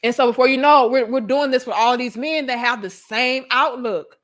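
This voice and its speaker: A woman with a high voice delivers a relationship-advice monologue. She is blunt and emphatic, talking to her audience like a frank big sister and swearing freely. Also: fairly quick, fairly bright tone.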